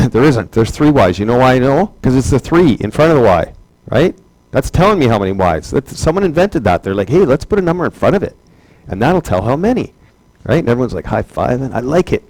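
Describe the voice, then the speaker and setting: A man teaches a math class in a chatty, joking lecture, repeatedly asking rhetorical questions. His voice is medium-pitched and a little mellow, captured in a low-quality recording with no room sound.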